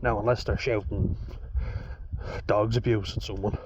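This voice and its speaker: A man's voice: lowish voice, normal speed. An Irish man talking in a rambling, casual monologue, swearing freely and going off on chatty asides. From Ireland. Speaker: vlogger. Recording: dull lo-fi audio with steady noise.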